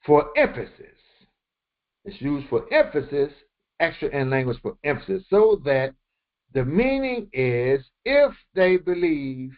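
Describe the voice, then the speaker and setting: A man teaching a verse-by-verse Quran commentary lesson, explaining slowly with repetitions and quoted Arabic terms. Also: a little high. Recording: dull lo-fi recording.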